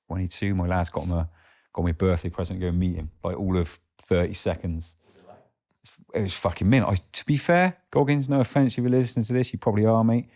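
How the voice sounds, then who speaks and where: A man with a low voice appears as a guest on a casual podcast chat, laid-back and sweary. When quoting, he drops into hushed asides.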